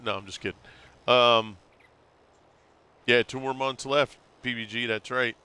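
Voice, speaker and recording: A man's voice: mid-range voice, steady tone, unhurried, long pauses, bright, forceful tone, clear, resonant tone. A man streaming live, chatting casually and rambling, calling his viewers bro. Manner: laid-back, rambling, calls viewers bro.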